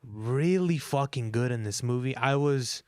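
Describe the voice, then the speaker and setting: Rambling, animated male podcast co-host. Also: mid-range voice, unhurried, no echo, studio quality. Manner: rambling, animated, frequent fillers and swearing. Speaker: podcast co-host reviewing films. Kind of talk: casual movie review chat.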